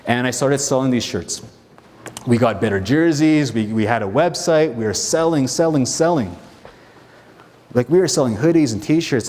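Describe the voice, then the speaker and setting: A man's voice: medium pitch, a little mellow. A man giving a motivational keynote on stage, telling his story with energy, acting out both sides of conversations and asking the audience direct questions. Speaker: keynote speaker. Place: large conference hall stage. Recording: long hall reverb.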